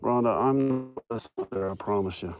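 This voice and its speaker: A man's voice: fairly low pitch, measured pace, a little mellow, a little hiss or hum. A man chatting casually on a live stream while out among cattle in a pasture, joking and talking to the animals. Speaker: livestreamer on a farm.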